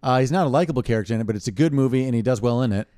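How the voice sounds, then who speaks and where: A man's voice: medium pitch, mellow, no echo, clean studio sound. A young man co-hosting a podcast in casual chat, teasing his friends. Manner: fast, playful teasing. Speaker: podcast co-host.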